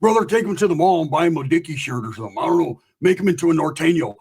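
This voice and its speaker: A man's voice: on the high side, animated, very fast, darkish tone, slightly rough, heavily acted. A man voicing his broke, crude friend, who pleads and rambles with lots of swearing. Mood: pleading.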